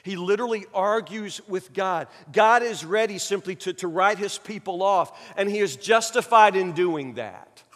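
A man preaching a sermon, dramatic, acting out people's excuses in mocking voices and dropping from loud to hushed. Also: high-pitched, moderate pace, few pauses. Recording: long hall reverb.

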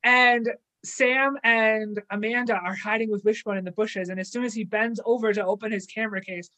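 A woman's voice: fairly high pitch, moderate pace, poor audio. A woman co-hosting a casual podcast, recapping a TV episode and acting out the characters' lines as she goes. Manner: animated storyteller, acts out quotes. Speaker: podcast co-host.

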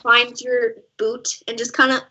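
A woman's voice: on the high side, level tone, unhurried, sharp tone, breathy edge. A woman running a tabletop game as game master, narrating loosely with fillers. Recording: dull lo-fi sound.

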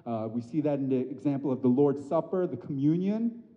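A man in his thirties delivers a sermon in a church sanctuary, his delivery animated, climbing to loud emphatic peaks before sinking to soft, hushed lines. The sound is slightly dull, and a long reverb trails behind every phrase. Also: medium pitch, brisk. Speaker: pastor.

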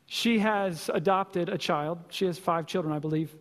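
Male pastor, very high voice, passionate sermon delivery, long hall reverb. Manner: impassioned, repetitive exhortation with slow emphatic stresses.

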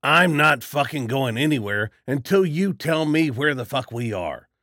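A man voicing an angry, foul-mouthed older man who yells and swears in a storybook reading. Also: mid-range voice, animated, moderate pace, no echo, clean studio sound. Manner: yelling, swearing, demanding.

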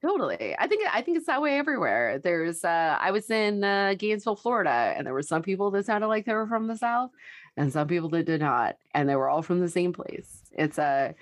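An excitable woman co-hosts a podcast, rambling cheerfully with fillers. Her voice sits low but leaps around with lively swings in pitch. The sound is dry and close to the mic. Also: fairly quick, no room sound. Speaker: podcast co-host. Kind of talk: casual podcast banter.

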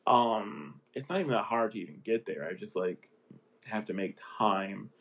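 A man's voice: fairly low pitch, normal speed, creaky, fairly bright tone, slightly rough. A man hosting his own podcast, chatting casually and animatedly, laughing often and slipping into playful voices, sounding a little sniffly. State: sniffly, a bit congested. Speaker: podcast host. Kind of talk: casual chat.

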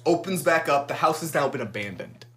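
A young man co-hosting a podcast, casually recapping an episode with profane, animated storytelling. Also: fairly high pitch, brisk. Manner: profane, animated retelling with acted-out quotes. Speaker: podcast co-host.

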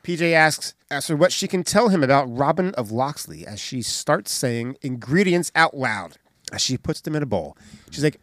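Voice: medium pitch, normal speed, no room sound, clean studio sound. A podcast host casually recapping a comedy film scene by scene. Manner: animated, recounts scenes and does voices.

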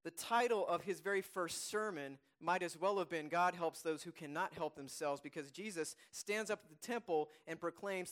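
A male pastor delivering a Sunday sermon in a slightly higher voice. He leans hard on key phrases and says them twice. When he reads scripture he slows right down and softens. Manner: emphatic, repeats key phrases; reads scripture slowly and softly.

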